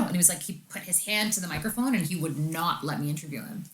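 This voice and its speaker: A woman's voice: fairly low pitch, quick pace, fairly bright tone, a little hiss or hum, rough recording. A woman journalist, a guest on a podcast, telling a story in casual chat and acting out the people she quotes.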